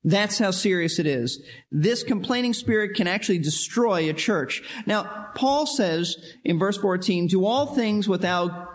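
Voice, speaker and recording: A man teaching a verse-by-verse sermon, animated, acting out quoted voices and often repeating words as he restarts. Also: sits high, measured pace. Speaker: Bible teacher. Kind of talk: expository sermon.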